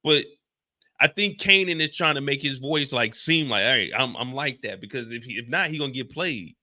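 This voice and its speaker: A man's voice: medium pitch, normal speed, bright, forceful tone. A young man hosting a live stream, talking loosely in a chatty, casual way and repeating "like" and "you see what I'm saying". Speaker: streamer reviewing a TV episode.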